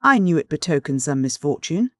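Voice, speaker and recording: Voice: medium pitch, big pitch swings, a little fast, dry recording, studio quality, lightly acted. A reader voicing a prim, soothing old female cousin in an audiobook.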